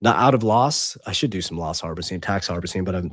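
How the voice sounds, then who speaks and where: A man's voice: deep voice, quick pace, dry recording, clean studio sound. Emphatic man coaching on investing. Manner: emphatic, repeats points, adds "okay?". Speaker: finance coach and app co-founder. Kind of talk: casual coaching monologue to camera.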